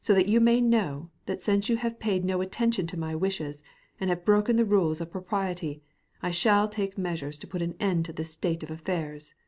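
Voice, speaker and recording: A woman's voice: lowish voice, moderate pace, warm tone, close to an everyday voice. A woman reading a cold, furious husband. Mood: angry. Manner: stiff, stammering with anger. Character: cold, angry husband, middle-aged man, piping voice.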